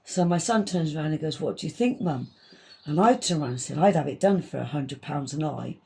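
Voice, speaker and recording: A woman's voice: low voice, brisk, vocal fry, darkish tone. A woman telling funny stories in casual chat, often laughing as she talks. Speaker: podcast co-host.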